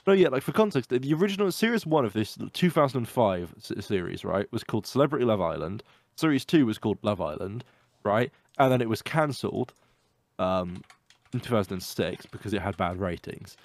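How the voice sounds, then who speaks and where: Low-voiced man, unwell. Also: expressive, fairly quick, dry recording. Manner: earnest, explains with asides. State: ill. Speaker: podcast co-host. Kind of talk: casual chat.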